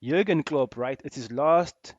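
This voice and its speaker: A man co-hosting a casual football podcast, animated, laughing often and repeating himself. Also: a little high, a little slow, no room sound, lo-fi sound. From South Africa. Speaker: podcast co-host.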